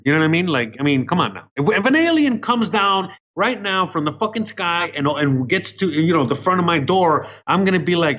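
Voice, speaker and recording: A man's voice: high-pitched, expressive, a little fast, hardly any pauses, a bit bright. A young man co-hosting a podcast, rambling and swearing in casual chat. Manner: rambling, profane, jokey. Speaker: podcast co-host. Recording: muffled lo-fi podcast audio.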